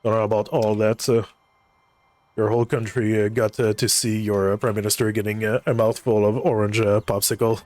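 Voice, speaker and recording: A man's voice: fairly low pitch, little pitch movement, brisk, darkish tone, low-quality recording. A man, ranting on a casual livestream with lots of swearing and fillers. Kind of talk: casual chat while gaming.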